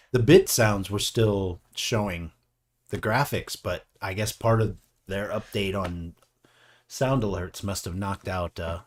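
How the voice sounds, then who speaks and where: A man co-hosting a live painting stream, reading out chat and trading dry jokes with his partner. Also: lowish voice. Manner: dry, joking, reluctant banter. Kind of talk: casual chat.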